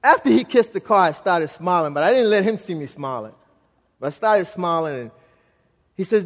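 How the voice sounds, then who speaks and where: A middle-aged man preaching a sermon as pastor, telling a family story and swinging from loud to hushed. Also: high-pitched, expressive, normal speed, pauses often, long reverb tail.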